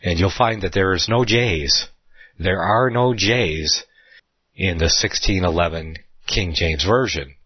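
Deep husky man teaching the Bible. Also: measured pace, no echo, lo-fi sound. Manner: rambling, with many fillers and restarts. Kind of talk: unscripted Bible study talk.

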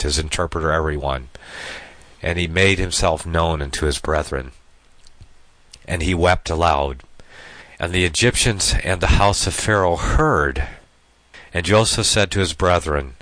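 A man with a notably low voice reads scripture aloud, then breaks off to explain it in plain, everyday words. The sound is close and dry, with no room around it. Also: fairly bright tone, no echo. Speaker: Bible teacher. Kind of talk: scripture reading with commentary.

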